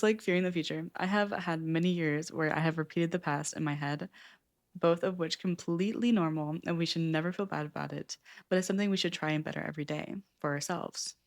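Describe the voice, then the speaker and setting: A young adult woman vlogging about a self-help book, talking in an earnest, open way with frequent "like" fillers. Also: fairly low pitch. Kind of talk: candid personal reflection.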